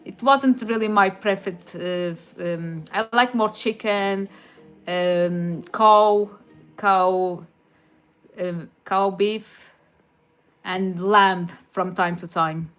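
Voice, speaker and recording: A woman's voice: medium pitch, fairly even intonation, extremely slow, fairly bright tone, faint music behind. Chatty Portuguese-accented woman hosting a livestream. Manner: chatty, frequent hesitations and restarts. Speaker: livestream host. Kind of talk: casual chat answering viewer comments.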